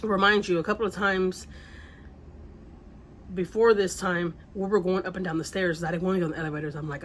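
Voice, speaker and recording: A woman's voice: lowish voice, fairly even intonation, quick pace, slight background noise. A woman telling a vacation story in casual storytime style, rambling and repeating herself with the odd swear word.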